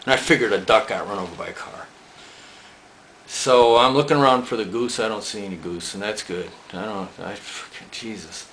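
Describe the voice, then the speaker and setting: Bright-voiced man telling a rambling story. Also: fairly low pitch, animated, fairly quick, slight background noise. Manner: rambling, profane, chuckling. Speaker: storyteller recalling band days. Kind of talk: casual anecdote telling.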